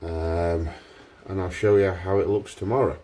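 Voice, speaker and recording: A man, a pipe maker talking through his workshop repair in a relaxed, thinking-aloud way. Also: low voice, a little slow. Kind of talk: workshop vlog.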